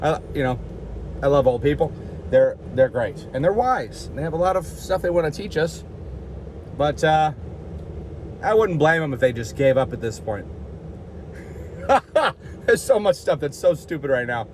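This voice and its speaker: A man's voice: a little high, animated, moderate pace, darkish tone, a little hiss or hum. A man vlogging in a rambling, jokey, self-mocking way, with lots of fillers and over-the-top asides. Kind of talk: casual rambling vlog.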